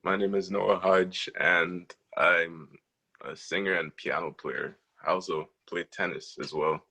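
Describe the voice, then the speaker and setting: A sixteen-year-old male singer, soft-spoken and polite, talking on a video call. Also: deep voice, steady tone, measured pace, slightly rough. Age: teens. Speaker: young musician guest.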